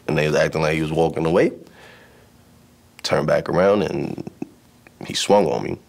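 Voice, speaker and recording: A man's voice: extremely low pitch, normal speed, creaky, long pauses. A man from Brooklyn, telling his own story as testimony and acting out the dialogue. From Brooklyn, New York. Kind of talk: personal testimony.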